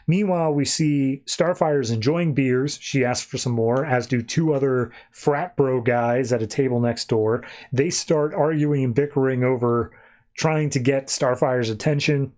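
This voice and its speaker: With a mid-range, slightly mellow voice and an unhurried pace, this man retells a comic issue on his podcast in a relaxed, chatty style. Fillers crop up throughout his recap.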